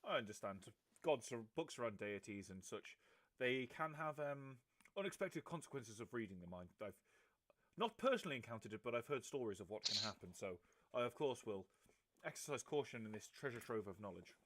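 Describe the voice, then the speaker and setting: A man's voice: medium pitch, a little fast. A man playing in a tabletop role-playing game, speaking in character and joking. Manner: animated, swings between in-character and joking. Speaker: player.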